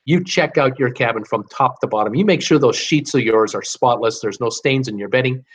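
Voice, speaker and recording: An older man hosts a live cruise talk as a cruise vlogger, ranting out blunt, fired-up advice. His voice is medium-pitched and a little fast.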